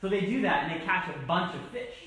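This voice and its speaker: A man's voice: high voice, animated, fast talker, sharp tone. A man giving a sermon, reading scripture aloud and explaining it in a conversational teaching manner. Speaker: preacher. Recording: echoey room.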